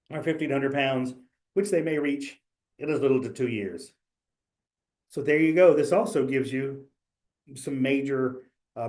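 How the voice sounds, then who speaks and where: Slightly mellow and medium-pitched, this man's voice runs an informal exam prep webinar. He's loose and jokey, with lots of fillers, restarts and little quips along the way.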